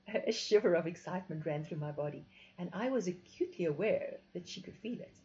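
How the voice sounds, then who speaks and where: Woman reading a first-person story, expressive and confessional, muffled lo-fi audio. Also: on the low side, fairly quick. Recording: dull lo-fi recording.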